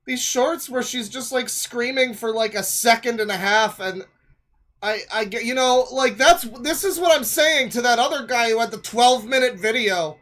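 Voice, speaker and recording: A man's voice: very high-pitched, a bit bright. Rambling, joking male streamer. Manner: rambling, joking, many fillers. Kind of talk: casual reaction commentary.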